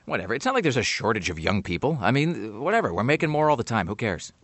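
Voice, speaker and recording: A man's voice: mid-range voice, sing-song, fast talker, fairly bright tone, no echo. A man hosting a talk radio show, rambling and sardonic, dismissive about the topic. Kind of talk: casual talk radio banter.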